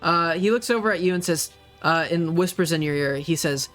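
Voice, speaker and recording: A man's voice: a little high, brisk, few pauses, fairly bright tone, faint music behind. Rambling male game master. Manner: rambling, many fillers, does voices. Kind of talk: narrating a tabletop game.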